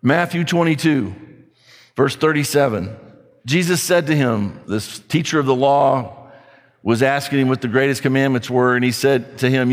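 A man's voice: fairly high pitch, fairly bright tone. Earnest preacher man in a reverberant hall. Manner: earnest, slows down to read scripture aloud. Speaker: pastor. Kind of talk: sermon.

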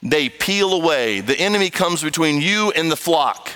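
A man preaching an animated sermon, reading scripture and raising his voice to exhort the congregation. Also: moderate pace, clean tone. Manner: animated, shifts between low quotes and raised exhortation.

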